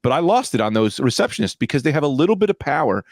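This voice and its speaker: Brief: young male podcast co-host, lively swooping delivery, dry close mic, storyteller who plays every part. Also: on the high side, racing, no echo. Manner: animated storyteller, acts out quoted people. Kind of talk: casual chat.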